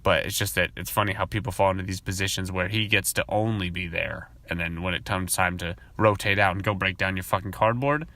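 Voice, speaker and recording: A man hosting a podcast, talking in a casual, rambling monologue full of profanity, and sometimes mimicking coworkers in high voices. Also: fairly even intonation, a little fast, hardly any pauses, sharp tone, no room sound. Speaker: podcast host.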